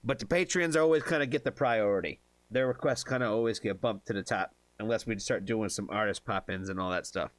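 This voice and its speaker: A man hosting a live music reaction stream, chatting casually with viewers, excitable and swearing often. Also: on the low side, brisk.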